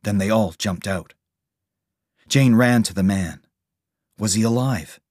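A man reading a storybook aloud as narrator, steady and measured. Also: fairly low pitch, dry recording, clean studio sound.

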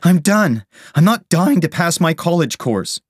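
A woman's voice: sits low, big pitch swings, unhurried, dark tone, no room sound, clean studio sound, pitched above the performer's own voice, heavily acted. A man voicing a blunt young female college student who complains easily. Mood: panicked.

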